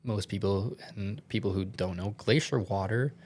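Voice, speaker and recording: Lower-voiced young man telling a rambling story. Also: moderate pace, darkish tone. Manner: rambling, heavy use of filler words and swearing; shaken, earnest retelling. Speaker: podcast guest. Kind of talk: casual storytelling.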